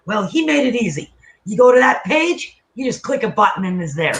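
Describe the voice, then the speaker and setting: A man's voice: high-pitched, very animated, brisk, a bit bright, slight background noise, poor audio. A man hosting a casual livestream, talking loosely and profanely and trailing off mid-sentence. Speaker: livestream host. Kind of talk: casual rambling livestream chat.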